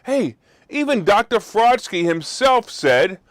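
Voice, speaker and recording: A man hosting a markets talk show, talking in a sarcastic, animated way, now and then bursting into loud mock outrage. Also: high voice, slow, dry recording, studio quality. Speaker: host. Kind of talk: opinionated market commentary.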